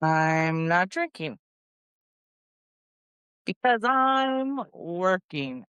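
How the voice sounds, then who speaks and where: A woman voicing a prim, haughty young female agent in a snooty tone, with a clear voice. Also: on the low side, very animated, extremely slow, fairly bright tone, no echo, muffled recording, heavily acted.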